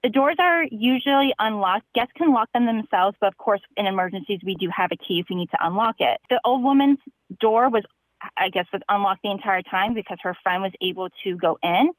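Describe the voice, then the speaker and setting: A young woman calling in to a podcast, telling a long story in an animated, chatty way with plenty of fillers. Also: mid-range voice, brisk, dry recording, rough recording. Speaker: caller. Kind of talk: casual storytelling.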